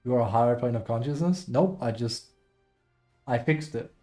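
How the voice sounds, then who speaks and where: A man's voice: medium pitch, normal speed, dark tone, faint music behind. A man streaming live and chatting casually with viewers, rambling and self-deprecating as he reads chat aloud.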